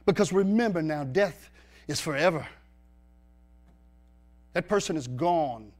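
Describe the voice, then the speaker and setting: A man's voice: a little high, animated, a little slow. A male pastor preaching a sermon in a church, pressing the congregation with rhetorical questions and emphatic repetition.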